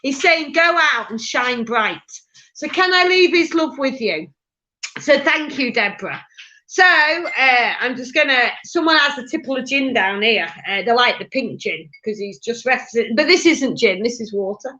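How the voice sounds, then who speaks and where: A woman medium giving a live reading in a halting, chatty way, with many fillers and restarts. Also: a little high, expressive, bright, forceful tone, dull audio.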